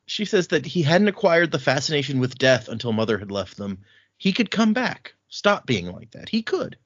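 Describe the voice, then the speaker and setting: Animated man retelling a story. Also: a little high, moderate pace, no echo. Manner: retells scenes, acting out the characters' lines. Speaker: podcast host. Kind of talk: casual book discussion. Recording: dull, muffled audio.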